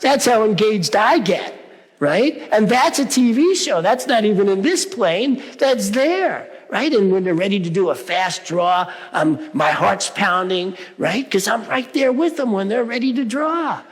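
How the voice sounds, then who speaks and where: A man's voice: sits high, animated, measured pace. A man preaching a sermon in a conversational way, often checking in with his listeners by asking "right?". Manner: conversational, frequent "right?" asides. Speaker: reverend. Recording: long hall reverb.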